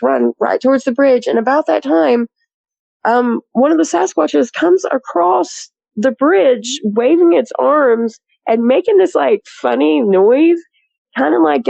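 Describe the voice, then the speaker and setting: A woman's voice: fairly high pitch, vocal fry, a little mellow, dry recording, low-quality recording. A woman telling her story as a guest in a rambling, chatty way, full of "you know" and laughs. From rural area. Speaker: guest recounting a sighting. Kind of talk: casual storytelling.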